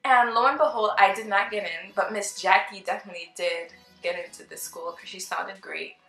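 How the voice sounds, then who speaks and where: Bright-voiced young woman telling a story. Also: medium pitch, fairly quick, vocal fry. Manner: chatty and animated, acts out the people she quotes. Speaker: vlogger. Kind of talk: casual storytime. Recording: roomy with faint background music.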